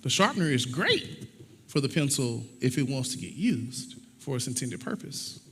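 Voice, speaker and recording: A man's voice: mid-range voice, very animated, moderate pace, a bit bright, husky. A man preaching a conversational sermon with props, talking in a folksy way and acting out little dialogues. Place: church sanctuary. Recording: long hall reverb, faint noise.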